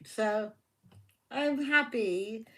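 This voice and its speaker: A woman's voice: a little high, drawn-out words, sharp tone. A woman hosting a live tarot stream, chatting casually and rambling, repeating herself and talking to her viewers. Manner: talks to viewers by name, affectionate.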